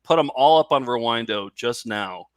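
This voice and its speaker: A man's voice: mid-range voice, expressive, moderate pace, clean tone, dry recording. A male podcast co-host chatting loosely, with plenty of fillers as he plugs upcoming events. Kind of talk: casual chat.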